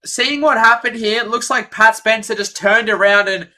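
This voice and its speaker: A man giving live fan play-by-play for his home team on a stream, partisan and quick to rant at the referees. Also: sits high. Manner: partisan, excitable, rants at referees.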